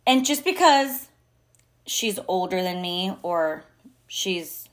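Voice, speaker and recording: Speaking slowly in a fairly low, expressive voice, an adult mother hosts a podcast and talks with blunt candor. Her casual monologue features heavy swearing, many fillers and Spanish mixed in.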